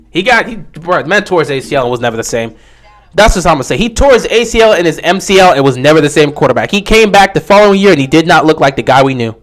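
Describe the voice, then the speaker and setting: A young man casually commenting on a football game during a livestream, answering viewers' questions with animated talk. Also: fairly high pitch. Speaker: livestream host.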